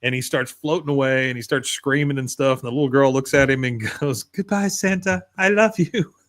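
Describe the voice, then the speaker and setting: A man chats through a rewatch recap at a relaxed, conversational clip. His voice sits in an ordinary middle pitch, and he keeps breaking into quick impressions of the characters as he tells the story. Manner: retells scenes, acting out characters' lines in quick put-on voices. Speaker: podcast host. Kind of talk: casual recap chat.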